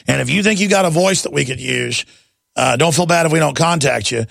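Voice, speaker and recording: Man, middle-aged, raspy blown-out voice, talk radio host, fairly high pitch, dry sound. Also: fairly quick, a bit bright, no room sound. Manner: wound up, jabbering, emphatic. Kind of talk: fast rambling talk radio monologue.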